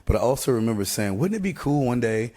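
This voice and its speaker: A man in his fifties, a band singer, chatting casually in an interview, relaxed, halting with fillers and often laughing. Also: mid-range voice. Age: 50s.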